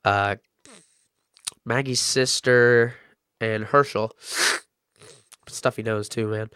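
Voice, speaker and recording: Excitable man rambling through a recap. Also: medium pitch, takes it slowly, clear, resonant tone, no echo, studio quality. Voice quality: excitable, rambling with many fillers. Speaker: TV episode reviewer. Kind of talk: casual recap and review.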